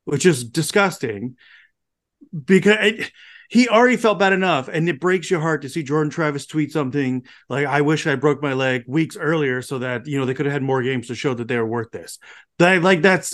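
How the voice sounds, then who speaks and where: A man co-hosting a sports podcast, ranting angrily and swearing freely. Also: mid-range voice. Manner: angry, profane, fired-up ranting. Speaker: podcast co-host. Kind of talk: casual podcast rant.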